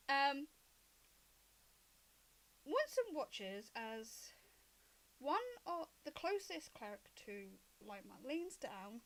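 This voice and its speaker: A woman narrating as game master of a tabletop game, lively and laughing, with frequent ums. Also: on the high side.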